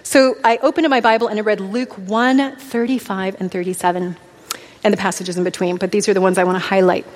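A woman's voice: mid-range voice, fairly even intonation, brisk. A woman in her thirties giving an earnest, heartfelt testimony sermon to a church. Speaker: speaker at a church. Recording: long hall reverb.

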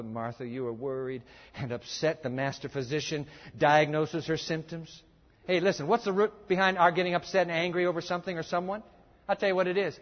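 Brief: high-pitched male preacher, emphatic sermon delivery, long hall reverb. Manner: emphatic, repeats points for note-taking. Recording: echoey dull lo-fi hall recording.

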